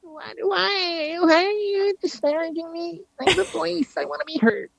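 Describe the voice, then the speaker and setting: A man's voice: very high-pitched, fairly even intonation, normal speed, gravelly, a bit bright, no echo, pitched above the performer's own voice, heavily acted. A man imitating his preteen daughter, who whines in a nasal baby voice. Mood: whiny. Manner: whining, put-upon.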